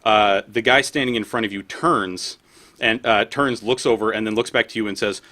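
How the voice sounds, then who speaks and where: A man running a tabletop game as game master, narrating haltingly with many fillers. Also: lowish voice, pushed and bright. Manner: hesitant, many fillers, narrates and voices townsfolk.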